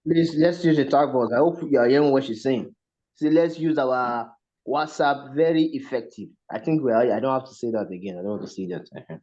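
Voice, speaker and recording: A man with a mellow, lowish voice calls for questions and keeps repeating his requests. The audio is dull and lo-fi. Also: a little fast. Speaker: meeting co-host. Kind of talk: hosting a Q&A.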